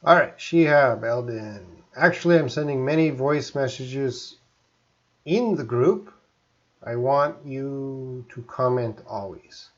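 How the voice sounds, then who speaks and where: A man from Canada teaching English on a live stream, speaking slowly and deliberately and often checking that listeners follow. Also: mid-range voice, highs cut off. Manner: slow, deliberate teacher talk with frequent check-ins.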